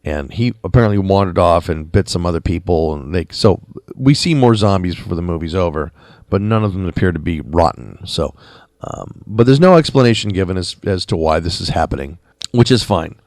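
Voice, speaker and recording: A man's voice: low voice, expressive, brisk, a little mellow, dry recording, clean studio sound. A man reviewing a movie on a podcast in a rambling, conversational way, now and then mimicking lines of dialogue. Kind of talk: casual spoken review. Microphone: podcast mic.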